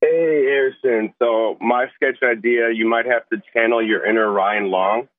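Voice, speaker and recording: A man calling in to a talk show and eagerly pitching a sketch idea. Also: fairly even intonation, a little slow, dry recording. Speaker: caller. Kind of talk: phone call-in. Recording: tinny phone line.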